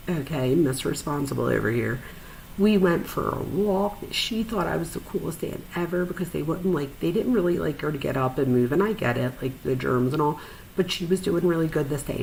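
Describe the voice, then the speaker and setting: A woman telling a personal story in a chatty, animated way, with frequent fillers and sudden high-pitched asides. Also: vocal fry, a little hiss or hum, poor audio. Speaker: podcast host, psychologist.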